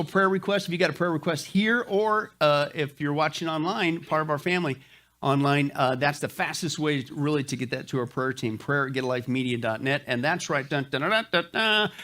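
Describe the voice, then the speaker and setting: Folksy pastor with a higher voice. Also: male voice, fairly even intonation, a little fast, fairly bright tone. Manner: jokey, folksy, frequent "uh" fillers. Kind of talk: church announcements to a live congregation. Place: church sanctuary.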